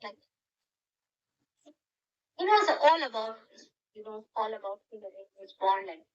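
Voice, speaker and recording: A woman's voice: mid-range voice, a bit bright, rough recording. An older woman, a grandmother, giving a spiritual talk to her followers and guiding them with short, direct instructions. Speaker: spiritual teacher.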